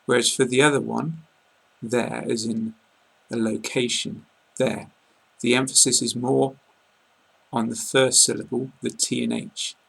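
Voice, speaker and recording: A British man giving a casual online pronunciation lesson, speaking slowly and carefully and repeating example words. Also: mid-range voice, flat delivery, vocal fry, a bit bright, slightly rough, poor audio. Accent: British English. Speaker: English pronunciation teacher.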